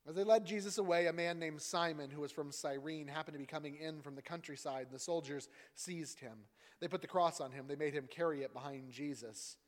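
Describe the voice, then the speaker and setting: A man reads scripture aloud in a church and acts out each voice, rising loud for the crowd. His voice sits slightly high, and a long reverb trails every line. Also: a little fast. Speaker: scripture reader. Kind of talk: dramatic liturgical reading.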